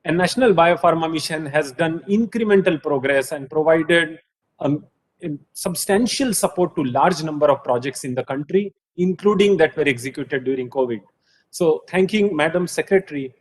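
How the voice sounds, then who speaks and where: A man introducing a conference session, speaking in a measured way with frequent fillers. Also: a little high, poor audio. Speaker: session moderator.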